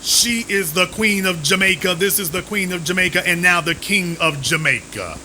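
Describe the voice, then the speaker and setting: A man's voice: sits high, normal speed, sharp tone, a little hiss or hum, poor audio. A man hosting a live stream, giving emphatic commentary, with sarcastic, repeated rhetorical questions.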